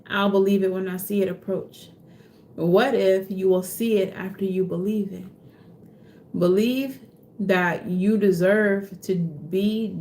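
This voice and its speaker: Woman, tarot reader, gravelly, unhurried delivery. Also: medium pitch, a little mellow, slight background noise. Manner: casual, profane, laughs often, slips into playful voices. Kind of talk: casual tarot reading.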